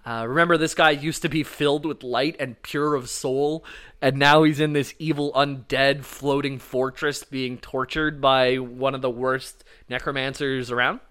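A man talking loosely and at length, full of "like" and "um", tossing in a curse now and then. His voice is smooth and clean. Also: medium pitch, fairly even intonation, normal speed, a bit bright. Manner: rambling, casual, swears, frequent fillers. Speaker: podcast co-host explaining game lore. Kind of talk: casual chat.

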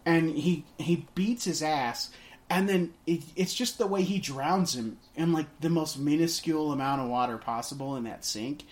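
A man's voice: on the high side, normal speed. A man co-hosting a casual movie podcast, rambling through a scene with many restarts and fillers. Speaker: podcast co-host.

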